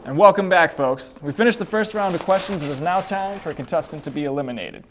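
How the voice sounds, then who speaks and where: A young man hosting a comedic dating game show, delivering brisk, upbeat emcee patter. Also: a little high, lively intonation, fairly bright tone, slight background noise.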